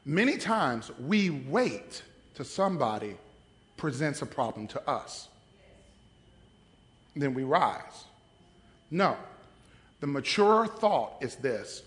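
A man preaching a sermon as pastor, dramatic, swinging from hushed asides to shouts. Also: mid-range voice, sing-song, slow pace, pauses often, big-room sound.

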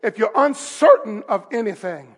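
A male pastor preaching a sermon in a church service, emphatic and rising to shouts with call-and-response. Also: sits high, lively intonation, normal speed, breathy edge.

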